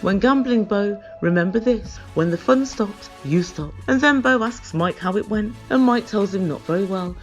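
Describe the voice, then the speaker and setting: A woman delivers a sarcastic, theatrical reality-TV recap in a voice of middling pitch. The recording is dull and lo-fi. Faint music runs underneath. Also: normal speed, hardly any pauses. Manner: sarcastic, dramatic and emphatic, refers to herself in the third person. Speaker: YouTube reality-TV reviewer. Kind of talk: comedic recap commentary.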